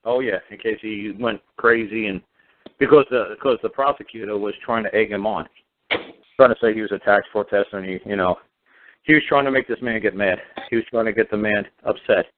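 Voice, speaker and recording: A man's voice: lowish voice, fairly quick. Emphatic man on a phone line. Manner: emphatic, repetitive rhetorical questions. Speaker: speaker. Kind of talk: phone talk show discussion.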